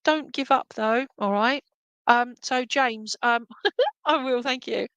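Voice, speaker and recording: A woman giving a psychic reading live, gentle and reassuring, halting and checking in with tag questions. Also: a little high, clean tone, no room sound, highs cut off. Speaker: psychic medium. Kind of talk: live spirit reading for viewers.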